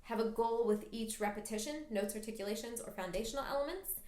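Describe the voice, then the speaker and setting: A woman's voice: a little high, fast, darkish tone. A woman flute teacher talks the listener through practice step by step. Her tone is patient and encouraging. The room around her rings with echo. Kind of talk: instructional music lesson.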